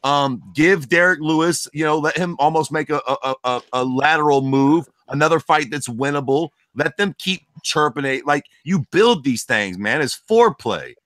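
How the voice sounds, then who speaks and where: A man's voice: fairly high pitch, moderate pace, hardly any pauses, a bit bright, no echo, clean studio sound. A man co-hosting a casual sports chat, joking crudely. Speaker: podcast co-host.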